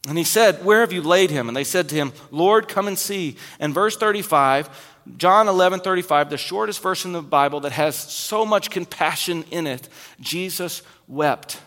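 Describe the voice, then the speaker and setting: A man preaching a sermon as pastor, retelling scripture with loud emphasis and quiet, dropped asides. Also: high-pitched, normal speed, long reverb tail.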